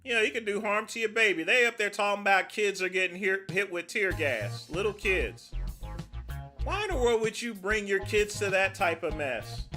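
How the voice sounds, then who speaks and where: Hosting a laid-back livestream, a middle-aged man chats in a high, sharp-toned voice. His talk meanders in a homespun style, and he keeps calling the people watching "folks."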